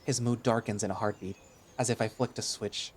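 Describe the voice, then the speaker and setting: A man narrating a first-person audio drama in a wry, expressive way. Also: on the low side, a little fast, a little hiss or hum. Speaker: narrator and lead voice.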